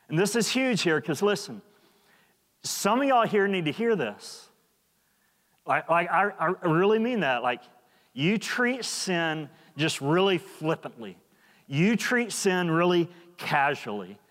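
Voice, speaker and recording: A man's voice: on the high side, a bit bright. A man preaching a sermon in a church, earnest and emphatic, often repeating words. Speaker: pastor. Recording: long hall reverb.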